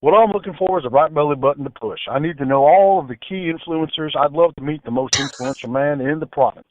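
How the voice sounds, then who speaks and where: An eager army commander drawls in a put-on Texas accent, pitched a touch higher and louder than plain talk, as a man mimics him. The sound is thin and boxy, like a phone line with no room around it. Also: quick pace, dry recording, lightly acted. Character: Texan American male army commander, eager.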